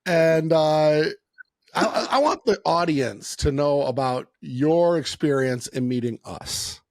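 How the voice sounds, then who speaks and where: A man hosting a podcast, introducing his guest in relaxed, chatty talk. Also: a little high, takes it slowly, dry recording. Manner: relaxed, chatty, lots of fillers. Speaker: podcast host. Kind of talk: casual podcast chat.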